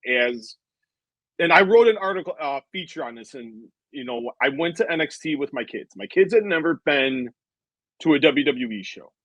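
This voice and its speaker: A man's voice: on the high side, lively intonation, normal speed, fairly bright tone, dry recording, poor audio. A man in his thirties interviewing a guest, telling a long, rambling anecdote with lots of asides. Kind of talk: casual interview storytelling.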